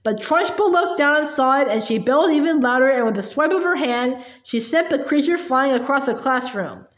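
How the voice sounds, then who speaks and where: Woman narrator, high voice, expressive read-aloud, echoey room. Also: moderate pace. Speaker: storybook reader. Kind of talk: chapter book read-aloud.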